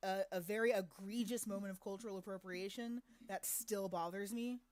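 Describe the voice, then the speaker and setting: A woman co-hosting a casual podcast chat, blunt and opinionated and quick to laugh. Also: mid-range voice, steady tone, darkish tone, no room sound. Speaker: podcast co-host.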